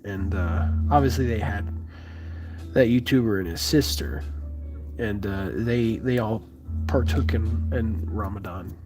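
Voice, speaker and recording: A man's voice: lowish voice, unhurried, music in the background. A young man from the United States chatting casually with viewers on a live stream, friendly and rambling, with many fillers and restarts.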